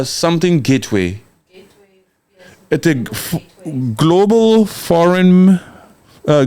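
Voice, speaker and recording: A man's voice: a little high, darkish tone. A man from Congo giving an impassioned, mocking political rant, repeating words for emphasis and answering viewer comments. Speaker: live-stream political commentator.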